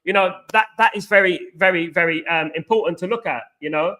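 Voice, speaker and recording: Young man, high-pitched, bright tone, hoarse, chatty live-stream host. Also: a little fast. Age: young adult. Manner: chatty, repeats phrases, greets viewers by name. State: voice going hoarse. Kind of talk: casual live-stream chat, reading viewer comments.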